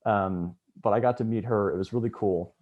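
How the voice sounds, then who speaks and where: A man's voice: on the low side, brisk, phone-quality sound. A young man giving a casual farewell speech on a video call, telling a story with many fillers and restarts. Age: young adult. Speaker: student government member. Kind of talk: farewell speech at online meeting.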